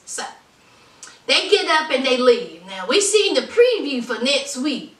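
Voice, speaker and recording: Sassy high-voiced woman vlogger. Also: sing-song, unhurried, a bit bright. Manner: sassy, outspoken, calls viewers honey and y'all. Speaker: reality TV recap vlogger. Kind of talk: casual commentary. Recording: roomy echo, distant from mic.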